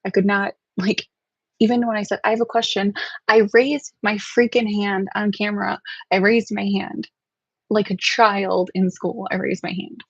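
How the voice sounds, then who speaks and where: A woman's voice: medium pitch, level tone, normal speed, slightly rough, no echo. A woman hosting a casual livestream from home, rambling and sensitive, swearing freely as she talks to her chat. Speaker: livestream host. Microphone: webcam livestream setup. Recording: dry, dull lo-fi stream audio.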